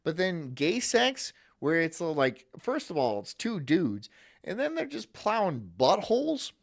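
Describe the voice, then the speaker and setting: A man's voice: a little high, huge pitch swings, measured pace, vocal fry. A man hosting a live stream, talking casually with crude, sarcastic, mocking remarks. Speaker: streamer host. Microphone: studio mic.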